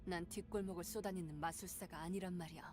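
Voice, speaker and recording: Game heroine, woman playing her defiant and sharp, fast, lowish voice. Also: fairly even intonation, natural voice.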